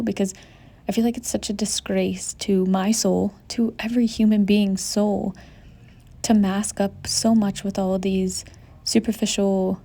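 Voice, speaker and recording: A young woman vlogging outdoors on a mountain trip. She talks in a soft, reflective and emotional way, saying "like" constantly and sometimes dropping into a whisper. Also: mid-range voice, gravelly. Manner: soft, emotional, heavy use of "like", drifting into whispers. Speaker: travel vlogger. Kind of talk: reflective casual vlog talk.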